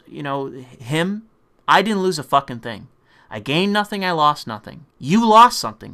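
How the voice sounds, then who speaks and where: Guy ranting hard, swearing a lot, sarcastic, pitch jumping all over. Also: a bit bright. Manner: profane, combative, sarcastic; mocking put-on voices when quoting opponents. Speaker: political commentator. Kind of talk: angry political rant.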